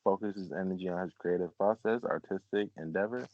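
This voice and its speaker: A very low-voiced man chatting casually on a fan podcast, rambling along with plenty of "like"s. His voice sits dry and close, with a dull, lo-fi sound to the recording. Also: fairly quick, darkish tone, dry recording. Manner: laid-back, rambling with many "like"s. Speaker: podcast co-host. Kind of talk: casual chat.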